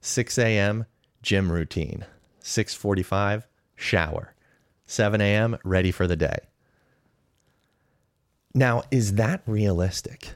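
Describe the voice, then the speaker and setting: Deep-voiced man in his thirties. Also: slow pace, long pauses, dry recording, studio quality. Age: 30s. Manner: conversational and opinionated, weighing pros and cons. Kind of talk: casual podcast commentary. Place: podcast studio.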